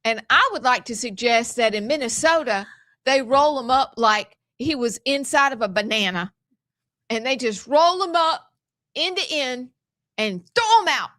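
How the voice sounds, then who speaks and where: Joking Southern woman, fairly high voice. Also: animated, measured pace, pushed and bright, no room sound, clean studio sound. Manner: folksy, joking, drawling storyteller. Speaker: co-host. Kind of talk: casual political talk show chat.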